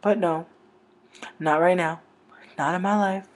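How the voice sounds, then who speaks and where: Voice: mid-range voice, steady tone, a little slow. Rambling, dramatic livestream storyteller. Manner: rambling and dramatic, full of fillers and swearing. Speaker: livestream host. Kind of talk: comic gossip storytelling on a livestream.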